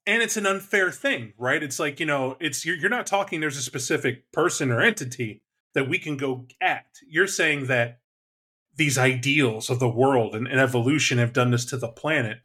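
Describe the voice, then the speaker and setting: A man in casual conversation about tabletop games, animated and quick to act out voices. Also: mid-range voice, husky. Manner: animated, acts out voices and shouts in bursts.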